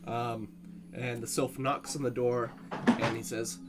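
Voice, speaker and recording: A man's voice: mid-range voice, flat delivery, measured pace, over music. A young man narrating a tabletop game as game master, laid-back and full of fillers and laughs. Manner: casual, laughing, filler-heavy.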